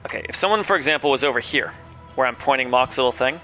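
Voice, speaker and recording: A man running a tabletop game as game master, talking with many fillers and pauses. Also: mid-range voice, expressive, pushed and bright, soft background music. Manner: rambling, hesitant with many fillers.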